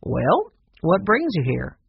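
A calm, kindly small-town sheriff in a storybook, relaxed and quietly knowing, as a narrator puts him on. His voice is gravelly and a little lower, and the recording is dull and dry. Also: takes it slowly, no room sound, exaggerated voice.

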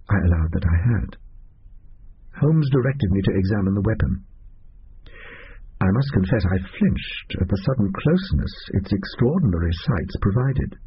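A man narrating a story in an expressive, dramatic audiobook reading. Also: fairly low pitch, normal speed, breathy edge. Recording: dull lo-fi recording.

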